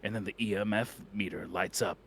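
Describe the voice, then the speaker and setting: A man's voice: on the low side, fairly even intonation, a little fast, fairly bright tone, breathy edge, no room sound. A man co-hosting a podcast, telling a silly story that rambles and keeps slipping into character voices. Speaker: podcast co-host. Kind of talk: comedic storytelling. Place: away from the studio.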